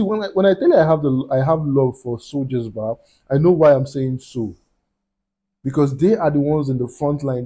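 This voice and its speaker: A man's voice: fairly high pitch, dark tone, slightly rough. A young man from Nigeria hosting a reaction video, emotional and apologetic, repeating his words as he talks.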